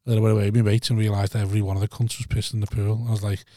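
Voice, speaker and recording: A man's voice: on the low side, flat delivery, very fast, mellow, dry recording, studio quality. A man in his thirties hosting a podcast, telling rowdy stories in casual chat and swearing freely. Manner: swears a lot, tells stories acting out others' lines. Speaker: podcast host.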